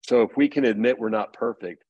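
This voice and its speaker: A man's voice: mid-range voice, fairly quick, darkish tone, dry recording, lo-fi sound. A middle-aged man as a podcast guest, earnestly telling stories about parenting in casual conversation. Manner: earnest storytelling.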